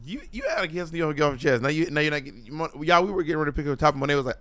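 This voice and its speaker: A man's voice: fairly high pitch, racing, pushed and bright, no echo. A man co-hosting a podcast, chatting in a campy, teasing way. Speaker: podcast co-host. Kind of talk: casual chat.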